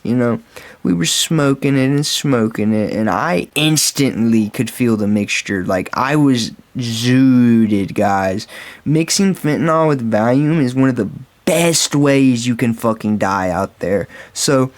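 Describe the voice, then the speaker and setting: A man's voice: mid-range voice, slow pace. A man telling a casual storytime vlog story, rambling and swearing freely and calling his viewers guys and bro. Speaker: storytime vlogger.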